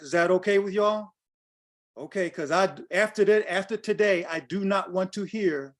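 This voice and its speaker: Older man, high voice, blunt coaching talk, video call. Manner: blunt, direct, addresses audience with questions. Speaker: guest speaker on pricing.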